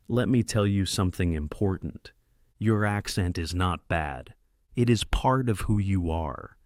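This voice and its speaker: Slow, low-voiced man teaching English. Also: no echo, clean studio sound. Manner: clear, deliberate, encouraging, speaks directly to listener. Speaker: podcast host and English teacher. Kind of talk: slow scripted lesson for beginner learners.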